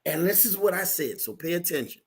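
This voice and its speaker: Animated high-voiced man telling a story. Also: a little fast. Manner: lively, acts out voices in his story. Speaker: podcast co-host.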